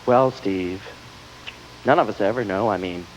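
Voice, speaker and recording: A man putting on a solemn, preachy man who offers hollow comfort, speaking in a deep, grave and condescending way. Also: a little slow, lightly acted. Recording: dull VHS tape with audience noise.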